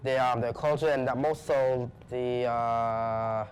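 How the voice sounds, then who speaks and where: A man's voice: mid-range voice, steady tone, slow, slight background noise, rough recording. A young man guesting on a student show, speaking in casual chat full of ums and restarts. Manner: hesitant, filled with ums and restarts. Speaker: guest co-host.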